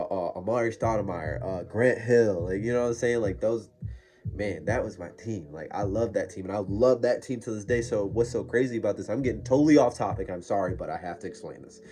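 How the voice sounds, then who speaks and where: Mellow-voiced young man rambling casually. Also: fairly low pitch. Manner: slangy, digressive, gets loud and worked up. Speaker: vlogger.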